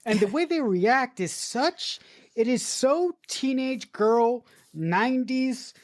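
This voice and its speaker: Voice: medium pitch, animated, slow. A podcast co-host giving casual movie opinions, often repeating words while searching for phrasing. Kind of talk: casual movie review chat.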